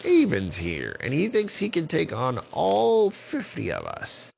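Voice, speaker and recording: A gloating witch cackles in a shrill, high voice, as a man puts her on for a children's storybook. The recording sounds slightly dull and lo-fi. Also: wildly swooping pitch, measured pace, vocal fry, exaggerated voice. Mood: mocking.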